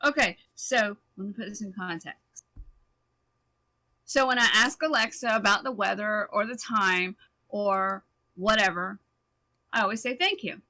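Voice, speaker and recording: A woman co-hosting a podcast, chatting casually with playful, quick reactions. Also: mid-range voice, pushed and bright. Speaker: podcast co-host. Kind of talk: casual chat.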